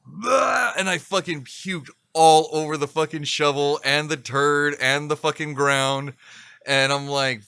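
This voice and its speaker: A man's voice: on the high side, flat delivery, measured pace, bright, forceful tone, smooth, no room sound. A man co-hosting a podcast, telling a rambling, profane story and laughing often. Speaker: podcast co-host. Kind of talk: casual chat.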